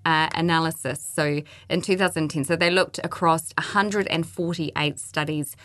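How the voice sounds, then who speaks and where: A woman's voice: sits low, fairly even intonation, normal speed, a bit bright. A woman, hosting a casual chat, self-mocking and trailing off into fillers. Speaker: podcast host.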